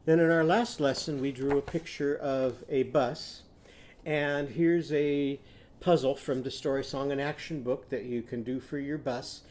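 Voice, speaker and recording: A man teaching young children a phonics lesson, patiently prompting them to repeat after him and sounding out words slowly. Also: mid-range voice, steady tone, a little mellow, slight background noise. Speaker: literacy teacher.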